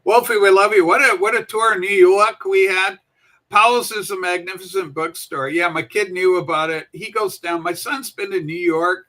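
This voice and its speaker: A woman's voice: on the low side, fairly even intonation, normal speed, a bit bright. A woman in her seventies hosting a livestream show, chatting in a rambling, folksy way and swearing casually.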